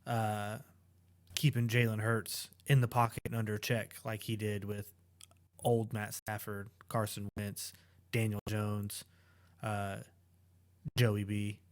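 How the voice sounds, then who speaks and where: A man's voice: on the low side, level tone, slow pace. A man co-hosting a casual fantasy football podcast, opinionated and trailing off into fillers. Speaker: podcast co-host. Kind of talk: casual sports chat.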